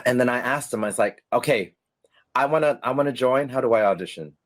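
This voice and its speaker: This middle-aged man, once a stage performer, speaks fast at a medium pitch. Swapping stories in a relaxed interview, he laughs easily, stays lively, and mimics the voices of whoever he's quoting.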